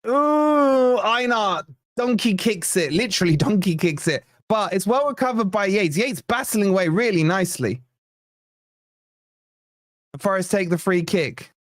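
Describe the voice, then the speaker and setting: A man hosting a live watch-along, calling the match play by play and chatting to viewers in an excitable way, his voice a little strained. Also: high-pitched, measured pace, dry recording, clean studio sound. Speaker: fan channel host.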